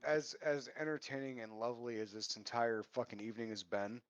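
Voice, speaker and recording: A man's voice: mid-range voice, brisk, no room sound. A man chatting bluntly and profanely on a casual podcast. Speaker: podcast co-host. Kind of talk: casual chat. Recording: dull, dry lo-fi mic.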